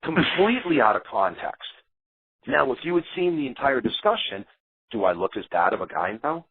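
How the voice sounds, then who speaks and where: A man's voice: medium pitch, normal speed, breathy edge, no echo. A man, an eliminated contestant, telling his side in a heated interview and acting out what others said. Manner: animated, defensive storyteller acting out quotes. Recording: tinny phone line.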